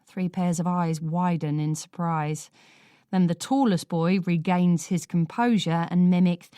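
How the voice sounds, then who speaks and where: A woman reading a first-person thriller audiobook in a measured, dry storytelling manner. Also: lowish voice, fairly even intonation, mellow, smooth, no room sound. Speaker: audiobook narrator.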